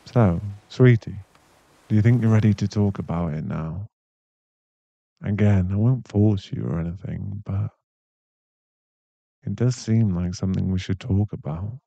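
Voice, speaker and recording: A young man in a whispered role-play, voicing a caring, protective boyfriend who speaks softly and reassuringly, with a gravelly voice. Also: lowish voice, no room sound, dull audio. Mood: soothing. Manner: soft, reassuring, slow-spoken. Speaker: ASMR voice actor.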